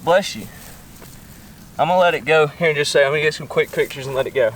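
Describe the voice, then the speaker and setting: A man vlogging outdoors by a small pond, shaky and keyed up, full of excited exclamations and coaxing the fish he's landing. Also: fairly high pitch, fast, recorded from a distance, a little hiss or hum, low-quality recording. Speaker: fishing vlogger. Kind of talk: excited outdoor vlog commentary. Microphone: camera set up nearby.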